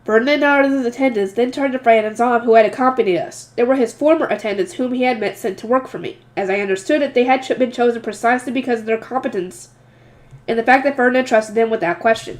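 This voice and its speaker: A woman's voice: fairly high pitch, quick pace. A woman with a nasal voice reading a novel aloud and breaking in with casual chatty reactions. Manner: chatty, reacts to the story between passages. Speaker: audiobook reader, channel host.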